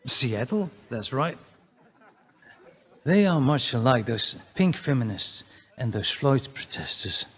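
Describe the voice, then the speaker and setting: A man with a Dutch accent doing a crude, mocking stand-up routine, often jumping into loud, high exclamations. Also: gravelly, a little hiss or hum. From Netherlands. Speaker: comedian.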